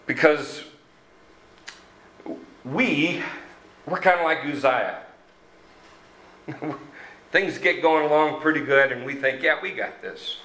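A man preaching a sermon, slow and halting with many fillers and restarts. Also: on the high side, sharp tone, echoey room, rough recording. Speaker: pastor.

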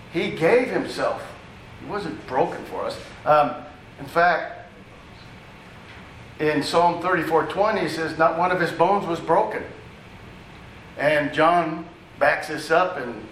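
A man's voice: a little high, a bit bright, a little hiss or hum. A man preaching a sermon in a conversational, teaching way, with asides to the congregation. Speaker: pastor. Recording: echoey room, distant mic, faint ambience.

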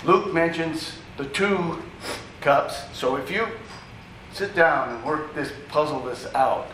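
A man gives a sermon in a relaxed, teaching tone, with asides to his listeners. His voice sits a little high and is picked up from a distance. The room echoes around him, with a faint hum of ambience underneath. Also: slow. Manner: conversational teaching with asides to the congregation. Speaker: pastor.

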